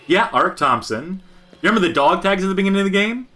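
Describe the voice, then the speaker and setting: A man co-hosting a podcast, giving joking, animated commentary on a game. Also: sits high, quick pace. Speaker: podcast co-host.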